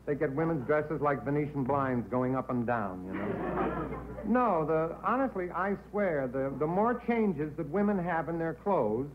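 A man's voice: fairly high pitch, lively intonation, measured pace. A man hosting a comedy quiz show, joking and chatting with contestants. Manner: wisecracking, chatty. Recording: tinny old broadcast audio, faint hiss.

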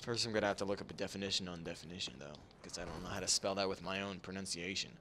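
A man giving casual, goofy gameplay commentary, laughing often and breaking into sudden excited outbursts. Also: low voice, racing, slight background noise. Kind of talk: casual let's-play commentary.

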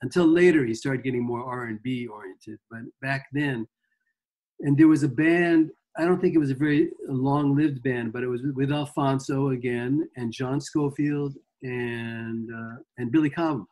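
Husky older guy rambling through old music stories, breathy voice. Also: medium pitch, normal speed, darkish tone. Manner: rambling anecdotes with acted-out quotes. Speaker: guest guitarist. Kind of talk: casual storytelling interview.

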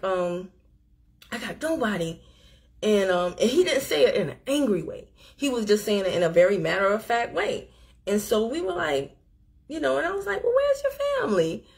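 A woman hosting a live stream, chatting straight to her viewers as she tells a story in an animated, casual way. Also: medium pitch. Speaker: livestream host. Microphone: phone or webcam on a live stream.

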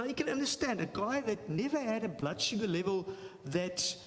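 A man's voice: high voice, lively intonation, brisk, a bit bright. A man giving a church health talk, telling a story animatedly, repeating phrases for emphasis and acting out the dialogue. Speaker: health seminar speaker. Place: church hall. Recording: long hall reverb, faint noise.

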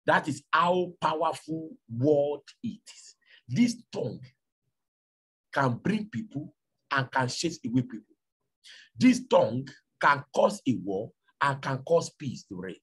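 Man, pastor, Nigerian accent, husky, animated storytelling sermon. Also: mid-range voice, measured pace. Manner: storytelling, animated, acts out dialogue.

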